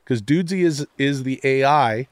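A man's voice: mid-range voice, moderate pace, dry recording. Loose, profane man telling comic stories. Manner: loose, profane, acts out quotes in silly voices. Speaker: podcast guest. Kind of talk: animated comedic storytelling.

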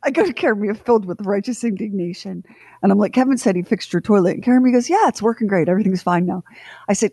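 A woman's voice: medium pitch, fast, husky, dry recording, clean studio sound. A middle-aged woman co-hosting a radio show, telling a comic family story and acting out everyone's lines. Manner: animated, acts out family members' lines. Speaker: radio co-host.

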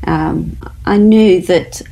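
A woman's voice: lowish voice, extremely slow, creaky, mellow, low-quality recording. A woman, a guest in an interview, telling her story in an earnest, faith-driven way.

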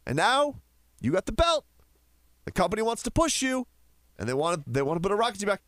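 A man's voice: high-pitched, very animated, quick pace, long pauses, fairly bright tone, dry recording, studio quality. A man hosting a chat show, ranting with passion and firing off rhetorical questions. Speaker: podcast host. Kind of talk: opinionated casual chat.

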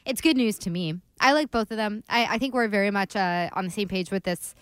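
A woman's voice: mid-range voice, brisk, a bit bright, clean tone, no echo, studio quality. A woman co-hosting a sports talk show, easygoing and conversational. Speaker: sports radio co-host.

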